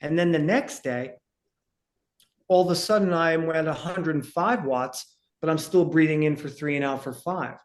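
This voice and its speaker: A man's voice: fairly high pitch, normal speed. A man talking as a breathing instructor on a podcast, explaining energetically in casual chat and checking in with "right?".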